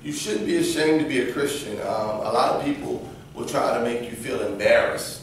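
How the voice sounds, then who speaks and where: A man with a slightly high voice leads a lively Bible lesson for kids, quizzing the class and acting out little scenes. He is heard from a camera well back in a very echoey church room, with faint noise behind. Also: moderate pace, creaky, distant mic. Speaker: church youth teacher.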